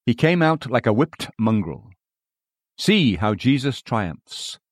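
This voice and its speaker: A man's voice: mid-range voice, big pitch swings, takes it slowly, no echo, studio quality. A man reading a sermon aloud in an earnest, exhorting manner.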